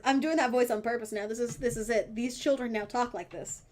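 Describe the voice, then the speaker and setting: A woman's voice: a little high, steady tone, a little fast, hardly any pauses. A woman streamer reading a dating game aloud, giggling often and slipping into silly character voices. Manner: giggly, playful, switches into put-on character voices.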